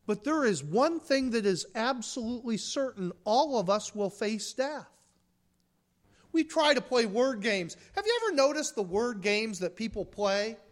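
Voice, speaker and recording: A man preaching a sermon as a pastor, swinging between hushed, quiet stretches and forceful, rising emphasis. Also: very high-pitched, big pitch swings, unhurried.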